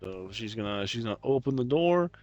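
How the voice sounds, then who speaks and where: A man's voice: mid-range voice, expressive, brisk, a little mellow, muffled recording, soft background music. A man running a tabletop role-playing game as game master, narrating and teasing the players.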